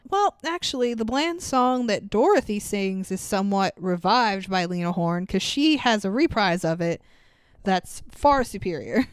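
A woman's voice: medium pitch, clean tone, dry recording, studio quality. A woman co-hosting a podcast, chatting casually and profanely about a film, laughing often. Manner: profane, laughing, animated storytelling. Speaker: podcast co-host. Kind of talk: casual movie review chat.

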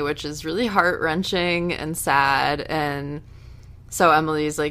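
A woman with a slightly low voice chats through a casual TV episode recap. Her delivery is animated and talkative, and she sometimes breaks into loud, indignant outbursts. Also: takes it slowly. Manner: chatty, animated, bursts into loud outrage. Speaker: TV recap host.

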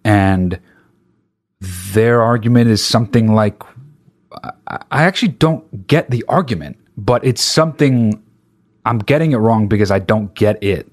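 A comedian doing a stand-up rant, talking in an exasperated, profane and rhetorical way. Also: male voice, fairly low pitch, animated, unhurried.

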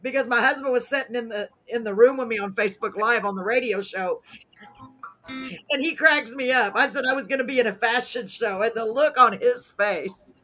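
A woman hosting a live talk show, chatting casually in an excitable, goofy, rambling way and correcting herself as she goes. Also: on the high side, normal speed, faint music behind. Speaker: host of a live radio and web talk show.

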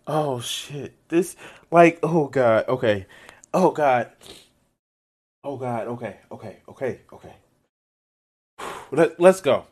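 A man giving casual, profane reaction commentary on a video, excitable and laughing often. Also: medium pitch, takes it slowly, pauses often.

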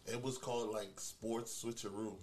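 Low-voiced man, rambling slangy chat. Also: steady tone, moderate pace, slight background noise. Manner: profane, rambling, slang-heavy. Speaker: podcast guest. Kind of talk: casual podcast chat.

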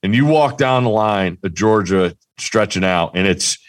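A man's voice: on the low side, normal speed, no echo. Sports talk co-host, male, rambling and restarting, dry close studio sound.

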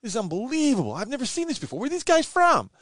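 An excited American male sports fan gasps and exclaims, his voice leaping far above its normal register. His American accent is broad and his delivery is full of wide-eyed wonder, put on by a man telling a story. The voice sounds a little distant from the mic. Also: very fast, dry recording, clean studio sound, heavily acted. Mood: amazed. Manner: high, amazed exclaiming.

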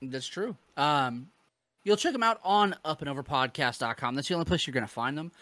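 A man's voice: on the high side, animated, fairly quick, a bit bright, dry recording. A man hosting a wrestling podcast, chatting loosely with fillers, swearing and bursts of laughter. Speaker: podcast host. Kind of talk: casual podcast chat.

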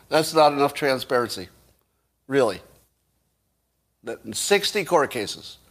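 A man's voice: mid-range voice, a bit bright, voice pushed up. A man mimicking a snide, sarcastic woman. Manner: mocking, drawn-out sarcastic drawl.

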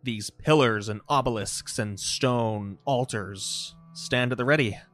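A man narrating a tabletop game as game master in a measured, descriptive way. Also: medium pitch, a bit bright, faint music behind.

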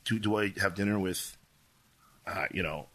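A man from Hawaii, a podcast guest in casual chat, talking with halting restarts and fillers. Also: sits low, fairly bright tone.

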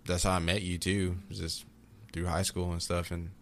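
A young man in casual chat, telling rambling, animated stories about growing up, with frequent restarts. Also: deep voice, moderate pace, slight background noise. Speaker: podcast guest.

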